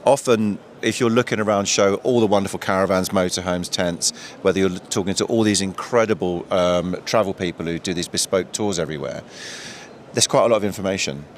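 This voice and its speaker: A man's voice: sits low, brisk, slight background noise. A man who presents live events, speaking fluently and with enthusiasm beside a show stage. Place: exhibition stage area.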